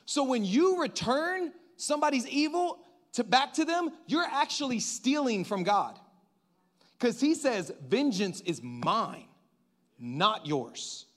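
A man preaching a sermon in an animated way, swinging from hushed tones to loud shouts and acting out voices. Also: very high-pitched, slow. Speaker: pastor.

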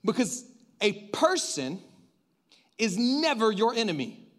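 A man with a high-pitched voice preaches a sermon in a loose, conversational way. He speaks straight to the congregation, poses questions and adds joking asides. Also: very animated, slow.

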